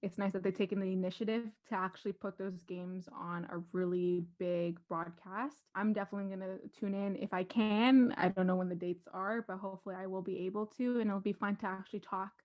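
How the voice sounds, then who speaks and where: A woman's voice: medium pitch, steady tone, muffled recording. A woman co-hosting a casual sports podcast, chatty, reading out facts with care. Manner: chatty, reads facts carefully and slowly. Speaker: podcast co-host.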